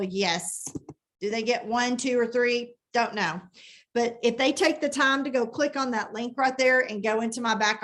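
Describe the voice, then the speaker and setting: A woman giving a chatty, animated live training talk on her phone, thinking aloud as she types. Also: on the high side. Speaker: direct sales team leader.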